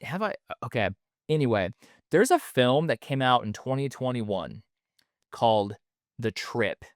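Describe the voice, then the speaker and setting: A man's voice: mid-range voice, lively intonation, a little slow, no room sound, clean studio sound. A man hosting a solo podcast in a casual, rambling way, with lots of fillers and the odd swear word. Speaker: podcast host.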